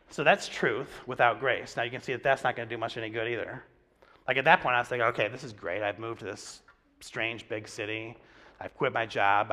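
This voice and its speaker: A young man gives a sermon in a bright, forceful voice. He tells stories casually, with plenty of "um" and "like" along the way. He sounds like a pastor talking to his own church. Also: lowish voice. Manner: conversational storytelling with many fillers.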